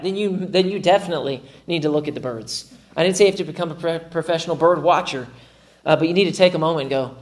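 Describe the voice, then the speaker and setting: Animated, fairly high-voiced male pastor. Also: quick pace. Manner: animated, acts out his own inner dialogue with self-mocking humor. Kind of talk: sermon.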